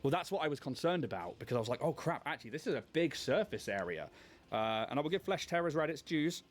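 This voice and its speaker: A man's voice: on the high side, sing-song, fast. A man hosting a casual livestream while painting miniatures, chatty and self-mocking, laughing often. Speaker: host.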